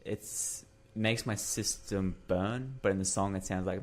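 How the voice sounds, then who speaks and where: A man talks through a casual podcast chat in a low voice. He packs his talk with fillers and repeats himself as he works out what to say. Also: unhurried. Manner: filler-heavy, repeats words, animated. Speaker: podcast co-host.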